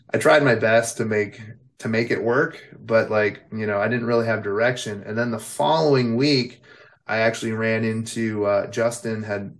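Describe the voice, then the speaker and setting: A low, gravelly-voiced man from the United States, in his forties, spins loose, rambling anecdotes as an interview guest. His speech wanders, stacked with "you know" and "like" as he circles back to his point. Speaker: veteran pro wrestler, interview guest. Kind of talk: casual storytelling interview.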